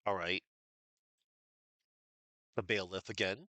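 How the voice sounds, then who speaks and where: A man's voice: low voice, steady tone, slow pace, background noise. A man streaming a game live, reacting with casual, amused asides. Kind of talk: live gameplay commentary. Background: game music.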